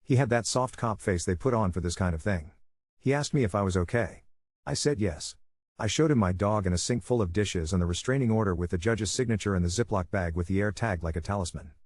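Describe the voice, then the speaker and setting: A man reading a first-person story aloud in a steady, measured narrating style. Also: lowish voice, no echo, studio quality.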